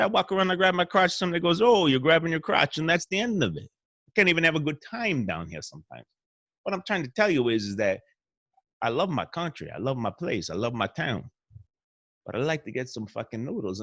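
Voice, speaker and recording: A man's voice: medium pitch, very animated, a little fast, a bit bright, dry recording, highs cut off. A man with a Northeastern Pennsylvania accent, rambling through a profane comedic monologue in a hotel room. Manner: profane, meandering, restarts. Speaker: show host.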